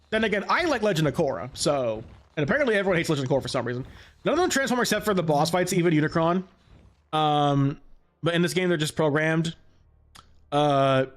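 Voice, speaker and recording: A man in his late twenties giving casual, rambling gameplay commentary as a let's player, often correcting himself mid-sentence. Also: fairly high pitch. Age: late 20s. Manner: rambling and chatty, self-correcting. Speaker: let's play gamer.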